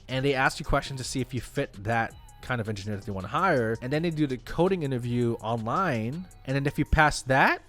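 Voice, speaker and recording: A young man, a web developer streaming live, reacting excitedly to salary figures and talking to his chat. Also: medium pitch.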